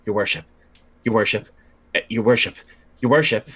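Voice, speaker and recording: A man's voice: moderate pace, fairly bright tone, slightly rough. A man voicing a fretful, flustered male deacon servant who stammers and babbles. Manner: stammering, babbling, high and fluttery.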